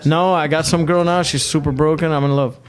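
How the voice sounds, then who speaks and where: Brash, crude man with a higher voice. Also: steady tone, a little fast. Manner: crude, boastful storytelling with heavy swearing. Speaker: podcast co-host. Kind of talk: casual podcast chat.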